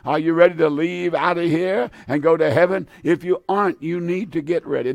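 Fervent gravelly radio preacher man. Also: a little high, fairly quick, few pauses, dry recording. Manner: fervent, pleading, repetitive. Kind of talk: radio sermon and prayer.

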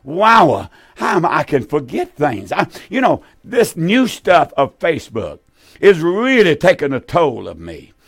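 A man's voice: a little high, huge pitch swings, a little slow, vocal fry, a bit bright, slightly rough, no echo, studio quality. An eighty-year-old man preaching on television in a fervent, folksy way, repeating key lines and drawing words out for emphasis. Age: 80s. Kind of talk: sermon with call-in appeal.

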